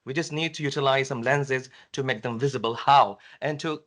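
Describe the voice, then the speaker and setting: A man of medium pitch speaks fairly quickly with a fairly bright tone while responding to a question at an academic conference. His answer in the university lecture room is hesitant, with lots of fillers and restarts.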